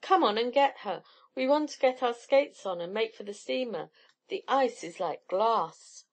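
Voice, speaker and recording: A woman's voice: fairly high pitch, lively intonation, normal speed. A woman voicing a blunt, loyal teenage boy who speaks firmly. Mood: eager. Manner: forthright, firm.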